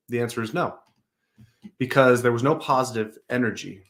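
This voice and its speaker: A man's voice: medium pitch, fairly even intonation, brisk, pushed and bright. A man hosting a show, coaching managers on a recorded service call in a direct, advisory way. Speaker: customer service coach, host.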